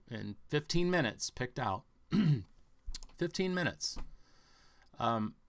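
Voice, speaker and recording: A man's voice: mid-range voice, a bit bright. A man hosting a rambling commentary monologue. He speaks in a preachy, emphatic way, repeats his phrases and keeps checking with the listener by asking "okay?". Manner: scolding asides to the listener. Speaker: podcast host.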